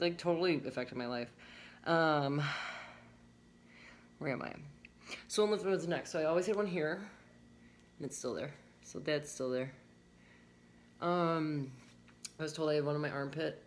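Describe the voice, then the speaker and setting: A woman's voice: sits low, a little hiss or hum. A young adult woman talking candidly to her viewers in a casual vlog, swearing freely as she goes through a list point by point. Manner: candid, swearing freely, lists items and reacts to each. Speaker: vlogger. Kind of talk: casual chat to camera.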